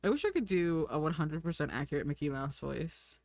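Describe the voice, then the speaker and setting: A woman's voice: sits low, expressive, fairly quick, creaky, darkish tone, dry recording. Giggly young woman streamer, dry sound. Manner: chatty, giggly, thinks aloud. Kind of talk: casual chat while drawing on stream.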